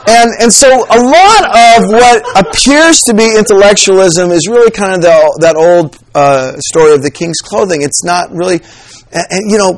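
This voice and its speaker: A man preaching a humorous sermon, animated and joking as he acts out examples for his church audience. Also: high-pitched. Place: church with slides.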